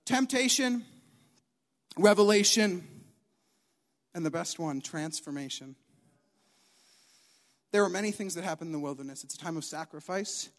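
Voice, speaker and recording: Young male preacher, high voice, emphatic and repetitive delivery, hall reverb. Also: moderate pace, pauses often. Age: young adult. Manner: animated, emphatic, repeats key lines. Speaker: youth preacher. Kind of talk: sermon.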